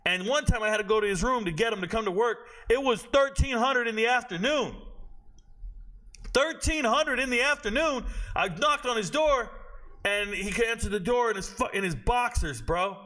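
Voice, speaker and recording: A man's voice: very high-pitched, moderate pace, pushed and bright. A man around forty hosting a sports show, talking in a blunt, profane way and drifting off into long tangents in a casual rant. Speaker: sports commentator and show host.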